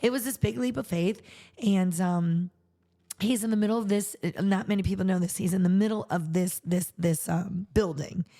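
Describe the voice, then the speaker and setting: A woman's voice: medium pitch, moderate pace, dark tone. A middle-aged woman, a charity founder and podcast host, tells a personal story in conversation, acting out the quoted dialogue with animation.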